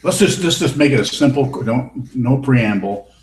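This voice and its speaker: A man's voice: mid-range voice, expressive, moderate pace, darkish tone. A man giving a Buddhist dharma talk and answering questions in a blunt, wry, teasing way. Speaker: Buddhist teacher. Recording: roomy hall with faint background hiss.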